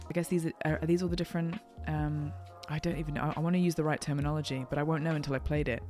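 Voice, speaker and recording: A woman voice actor chats in a casual vlog, bubbly and excited, with plenty of fillers and asides. Her voice sits low for a woman, and soft music plays faintly underneath. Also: quick pace, hardly any pauses. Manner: excited, chatty, lots of fillers.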